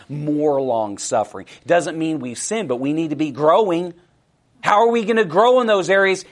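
A man preaching a sermon, asking the congregation questions and swinging from loud, emphatic scripture lines to hushed, near-whispered prayers. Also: medium pitch. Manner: asks the congregation frequent questions.

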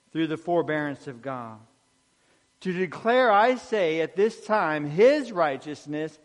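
A man preaching an earnest sermon, dropping soft on key phrases. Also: a little high, in a large hall.

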